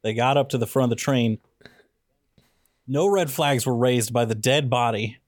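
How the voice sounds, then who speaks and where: A man's voice: medium pitch, normal speed, no room sound, studio quality. Sarcastic man ranting about a film. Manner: sarcastic, ranting, picks apart the plot. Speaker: podcast co-host. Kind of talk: casual movie review chat.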